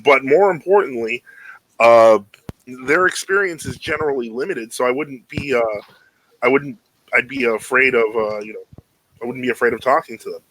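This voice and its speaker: A man with a bright, forceful voice and a New York accent hosts a relaxed interview. He rambles through stories, laughs easily and restarts his sentences often. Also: mid-range voice, moderate pace, low-quality recording. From Brooklyn, New York. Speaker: podcast host. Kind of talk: casual conversational interview.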